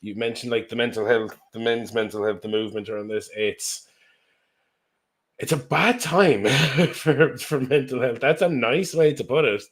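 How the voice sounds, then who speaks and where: A man from Limerick with an Irish accent, hosting a podcast in a relaxed, informal way and using plenty of casual fillers. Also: mid-range voice, moderate pace. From Limerick, Ireland. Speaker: podcast host. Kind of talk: casual interview chat.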